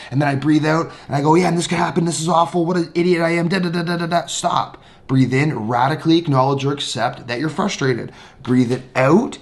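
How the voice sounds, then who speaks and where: A man of ordinary pitch leads a guided mindfulness lesson. He talks in a calm, conversational, encouraging way. When he counts the breaths, he slows down and drops his voice. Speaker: mindfulness teacher.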